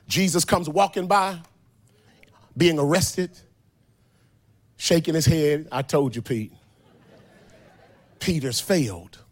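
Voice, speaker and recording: A man preaching a sermon, retelling the story dramatically, swinging from quiet asides to shouted, sung lines. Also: on the high side.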